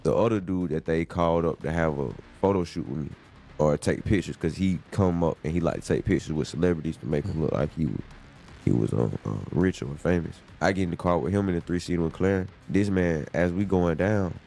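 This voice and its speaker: Deep gravelly man telling a slangy story. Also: brisk. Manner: animated slangy storytelling with voiced quotes. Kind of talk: casual storytelling.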